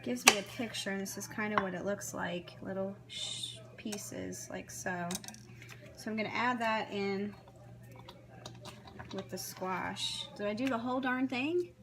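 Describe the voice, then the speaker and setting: A woman's voice: mid-range voice, unhurried, vocal fry, background noise. A woman talking casually to the camera as she chops vegetables and cooks at home, thinking aloud as she follows a recipe. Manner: chatty, thinking aloud while chopping. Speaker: home cook. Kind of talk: casual cooking vlog narration. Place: home kitchen. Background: clatter of knives, dishes and pans.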